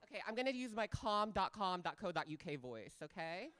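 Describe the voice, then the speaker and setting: A woman's voice: fairly low pitch, sing-song, fairly quick, smooth. A woman hosting a live event as a flamboyant drag performer, joking with the crowd and leading a guided breathing exercise. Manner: flamboyant, loud and playful with the crowd.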